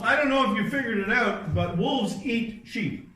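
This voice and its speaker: A man's voice: very high-pitched, animated, moderate pace, sharp tone, slight background noise. Man preaching in an echoey church. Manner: conversational storytelling with asides and restarts. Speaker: pastor. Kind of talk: sermon. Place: church sanctuary. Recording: very echoey church room, distant mic.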